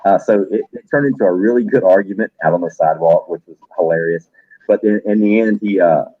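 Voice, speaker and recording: A middle-aged man with a very deep, husky voice tells a blunt, salty story to friends. He is a retired soldier and bar owner, talking loosely and bluntly. The sound is tinny and dry, like a phone line in a close space. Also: dry recording. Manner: blunt, profane, animated anecdote teller. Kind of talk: casual storytelling among friends.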